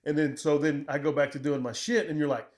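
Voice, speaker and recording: A middle-aged man, a military veteran, telling combat stories in casual conversation, blunt and profane, acting out what he shouted. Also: on the high side, steady tone, brisk. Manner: profane, blunt, quotes himself in raised voice.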